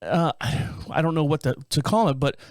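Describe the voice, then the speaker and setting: A man's voice: on the high side, normal speed, a little mellow, no room sound, studio quality. A middle-aged man hosting a podcast, talking in a rambling casual monologue full of fillers and restarts. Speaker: podcast host.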